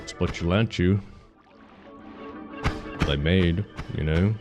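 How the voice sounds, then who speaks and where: A man with a low, deep voice and a Finnish accent talks through a game as he streams. He rambles, corrects himself mid-thought and explains the mechanics in casual detail, with soft music faint in the background. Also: slow pace. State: hiccuping. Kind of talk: casual gameplay commentary.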